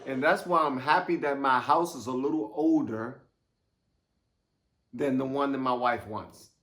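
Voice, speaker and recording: A young adult man hosting a casual reaction video, excitable and profane, acting out scenes as he comments. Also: medium pitch, unhurried. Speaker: reaction channel host.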